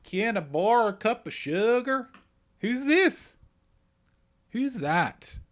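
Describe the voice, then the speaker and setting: A man's voice: sing-song, slow, heavily acted. A man putting on a silly, over-the-top voice for a nosy neighbor peeking over a garden wall. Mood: chirpy. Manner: squeaky, over-the-top, on-the-spot silly character voice.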